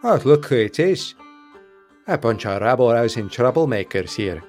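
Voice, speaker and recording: A man voicing a tough female tavern owner in a put-on Scottish accent, gruff and wry, for a tabletop game. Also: mid-range voice, expressive, normal speed, a little mellow, soft background music, close to an everyday voice.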